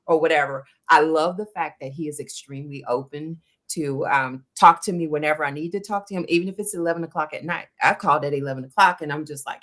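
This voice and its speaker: A woman's voice: low-pitched, a little fast. A woman guest on an interview show, talking casually and animatedly about working with her running coach, acting out quoted conversations. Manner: animated storytelling, acts out quoted dialogue. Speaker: guest, endurance runner.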